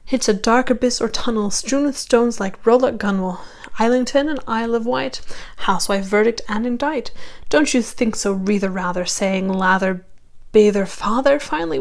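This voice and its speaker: A woman with a Midwestern American accent, a linguist, reading a poem carefully and deliberately, then chatting casually to her viewers. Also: a little high, vocal fry. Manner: careful, deliberate reading with slowed-down tricky words. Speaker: linguist and channel host.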